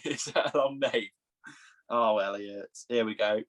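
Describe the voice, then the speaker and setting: A young English man co-hosting a podcast in casual, teasing banter, quick to laugh at his own jokes. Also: lowish voice, a bit bright. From England. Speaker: podcast co-host.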